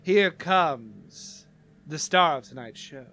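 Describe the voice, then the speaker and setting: A man doing a gushing, high flamboyant showman. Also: animated, slow pace, bright, forceful tone, faint music behind, exaggerated voice. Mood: grand. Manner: gushing, over-the-top hype. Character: flamboyant male showman announcer.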